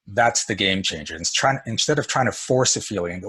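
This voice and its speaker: A man's voice: fairly low pitch, animated, fairly quick, hardly any pauses, sharp tone, husky. A man teaching an energy work session in a casual, storytelling way, chuckling often.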